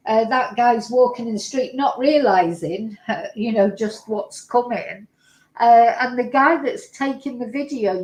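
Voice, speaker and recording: Woman, somewhat high voice, casual commentary, translates clips, echoey room. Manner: chatty, explains and translates as she goes. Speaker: host reacting to videos.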